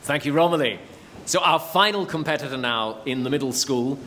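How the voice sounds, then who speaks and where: A man's voice: fairly high pitch, a bit bright, a little hiss or hum. A man hosting a school poetry competition, thanking each performer and announcing the next, with a dry aside. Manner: brisk, with a wry aside. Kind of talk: announcing performers at a live event. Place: school theatre, live event.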